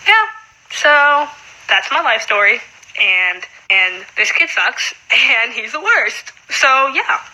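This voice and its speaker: A teenage girl rants in a casual vlog, her voice high and piercingly bright. She fills every pause with "like" and sounds fed up. Her talk is quick and loose. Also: sing-song, rough recording. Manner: fast, frustrated talk full of "like". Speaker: high school student.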